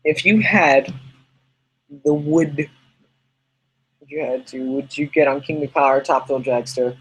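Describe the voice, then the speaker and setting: A man's voice: on the high side, measured pace, husky, low-quality recording. A man hosting a casual livestream podcast, rambling and chatty as he answers viewers' questions. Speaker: podcast host reading live chat.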